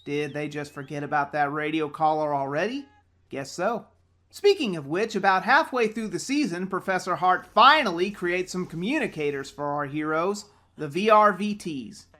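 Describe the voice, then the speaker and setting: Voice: medium pitch, expressive, normal speed, sharp tone. Sarcastic ranting show reviewer. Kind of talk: casual commentary review.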